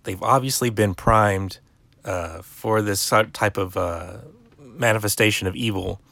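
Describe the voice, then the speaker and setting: A man's voice: on the low side, a little slow, vocal fry, sharp tone, no room sound. A man hosting a podcast, casually recapping an episode with rambling, wry asides and plenty of fillers. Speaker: podcast host.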